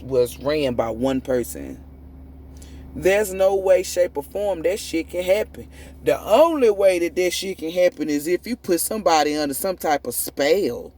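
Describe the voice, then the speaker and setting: A woman's voice: sits low, warm tone, slight background noise. Profane, fiery woman ranting. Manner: profane, emphatic, preachy; repeats and restarts words when fired up. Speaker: tarot reader. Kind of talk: ranting spiritual monologue.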